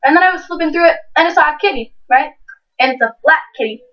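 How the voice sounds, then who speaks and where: High-voiced teenage girl, distant and dull. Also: fast. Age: teens. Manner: swears freely, animated retelling with voiced quotes. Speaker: co-host. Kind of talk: casual storytelling chat. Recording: distant, dull lo-fi home mic.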